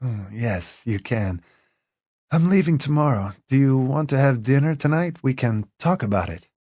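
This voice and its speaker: A man reading a hungover film director with a gruff, rough morning voice. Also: mid-range voice, animated, moderate pace, mellow, no echo, clean studio sound, voice pushed up. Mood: friendly.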